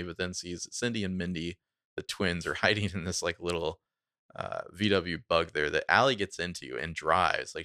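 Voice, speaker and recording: Deep, gravelly man in a casual recap chat. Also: bright, forceful tone, no echo, clean studio sound. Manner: laid-back, chatty, with frequent laughs. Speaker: podcast co-host recapping a TV episode.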